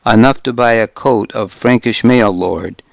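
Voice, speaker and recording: A man's voice: mid-range voice, measured pace, vocal fry, no echo. A man voicing a crude, sly warrior who mockingly haggles over captives. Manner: sly, mocking, deferential to his lord.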